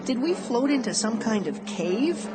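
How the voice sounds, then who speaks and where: A reader voicing a frightened young girl in an audiobook, with a high, urgent and pleading delivery, over background music. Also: steady tone, slow pace. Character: scared brave young girl. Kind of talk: audiobook character voice. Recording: music bed under voice.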